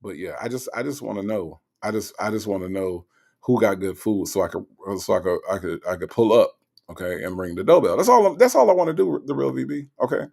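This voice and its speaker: A man's voice: on the low side, animated, quick pace, vocal fry, darkish tone. A man hosting a livestream in casual chat, reading out viewer comments and teasing them playfully. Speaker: livestream host.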